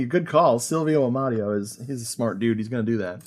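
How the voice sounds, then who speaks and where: Man, podcast host, casual film chat, animated, lots of fillers and laughs, mid pitch. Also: fairly quick.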